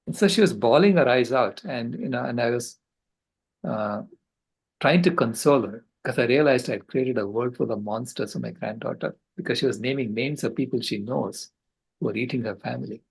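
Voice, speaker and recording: Older guy on a video call, gravelly husky voice, earnest and passionate, keeps restarting sentences. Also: medium pitch, normal speed, low-quality recording. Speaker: conference speaker. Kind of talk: storytelling talk.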